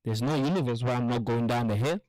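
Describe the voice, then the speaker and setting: A man's voice: mid-range voice, quick pace, dry recording, rough recording. A man hosting a casual show, rambling in a profane, philosophical monologue that jumps from storytelling to musings. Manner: acts out quotes in animated voices. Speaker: show host.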